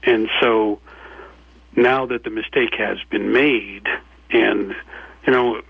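A man from New York, speaking as an author and guest in a measured, mythic storytelling tone. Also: lowish voice, fairly even intonation, creaky, breathy edge, dry recording. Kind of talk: reflective interview talk. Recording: tinny phone-line audio.

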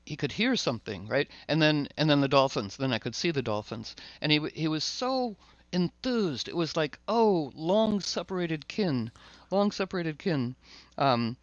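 A man hosting a casual spiritual conversation, searching for words, repeating himself, bursting into excited asides. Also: on the high side, normal speed, no room sound, dull audio. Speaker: host.

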